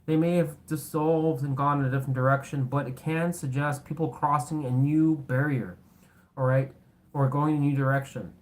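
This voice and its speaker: Blunt, sarcastic tarot reader. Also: mid-range voice. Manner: blunt and sarcastic, swears casually; rambling, self-correcting talk. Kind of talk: casual tarot reading to camera.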